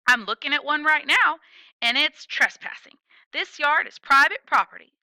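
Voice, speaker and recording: A woman's voice: high-pitched, expressive, normal speed, pushed and bright, no echo, voice pushed up, full character voice, rough recording. A woman voicing a stern, suspicious, very tall old woman gardener who answers curtly. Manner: curt, suspicious.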